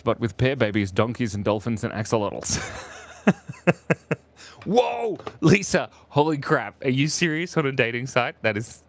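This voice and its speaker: A man's voice: medium pitch, slight background noise. An Australian man chatting playfully with viewers while drawing on a live stream.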